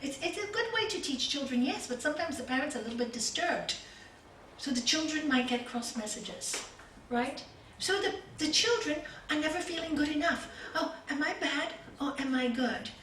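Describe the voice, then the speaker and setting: Older woman, yoga teacher, spiritual talk, high voice, distant mic, faint room hum. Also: animated, normal speed. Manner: warm storytelling, rhetorical questions, repeats words for emphasis. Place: hall with a group. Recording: roomy echo, from a distance, faint ambience.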